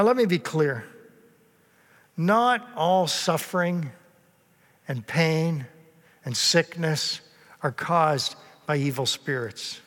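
A man's voice: a little high, a bit bright. A man preaching a sermon, telling a story earnestly and sometimes acting out the people in it. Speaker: pastor. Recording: long hall reverb.

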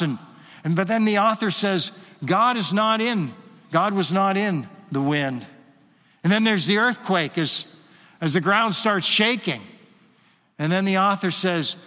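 A man preaching a sermon in a church hall, animated and acting out the voices he quotes. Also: sits high. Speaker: pastor. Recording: long hall reverb.

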